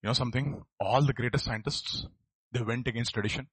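A man's voice: medium pitch, steady tone, fairly quick, fairly bright tone, breathy edge, dry recording. A man preaching a sermon, asking his listeners rhetorical questions. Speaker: pastor.

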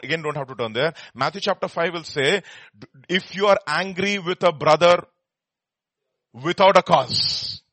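A man teaching a Bible study, emphatic, repeating words and swinging between soft and loud. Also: on the high side, dry recording.

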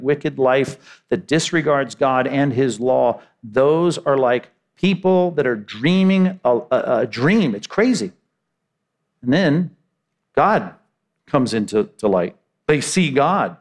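A man's voice: mid-range voice, lively intonation, measured pace. A male pastor preaching a conversational sermon, tossing in rhetorical asides and acting out imagined voices.

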